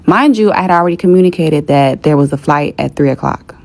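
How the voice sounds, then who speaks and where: A woman's voice: fairly low pitch, a little fast, few pauses, darkish tone. A young woman telling a story in a casual, exasperated rant with plenty of swearing. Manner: profane, exasperated.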